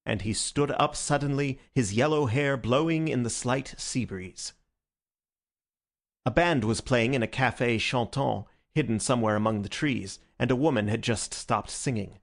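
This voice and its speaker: A man reading a classic novel aloud as audiobook narrator, with measured storytelling. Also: mid-range voice. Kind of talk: scripted narration.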